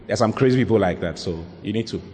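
A man's voice: fairly low pitch, very fast, a little mellow. A male pastor giving earnest, emphatic counsel during a sermon Q&A, often repeating his points. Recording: long reverb in a large hall.

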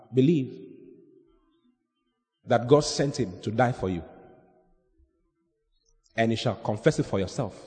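In a large hall, a male preacher delivers an evangelistic sermon. He shifts from loud, animated shouting to low, earnest readings of scripture.

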